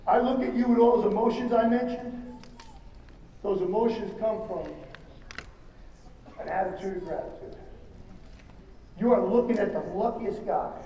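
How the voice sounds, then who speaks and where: A man giving an emphatic, rambling motivational speech to an audience, with halting restarts. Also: high-pitched, dark tone, highs cut off. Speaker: motivational speaker at a business event. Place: large hall. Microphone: distant from the microphone. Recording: echoey hall from far off, faint noise.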